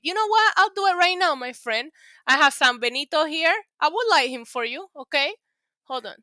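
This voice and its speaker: A woman hosting a casual live stream, chatty and animated, greeting viewers by name, laughing and swearing casually as she talks from home. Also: high-pitched, normal speed, dry recording, clean studio sound. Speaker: wrestling livestream host.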